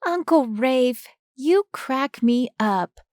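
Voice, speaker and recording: A woman's voice: sits high, animated, slow, a little mellow, no room sound, clean studio sound, voice pushed up. A woman voicing a cheeky nine-year-old girl who teases her uncle in a bouncy kid voice. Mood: teasing.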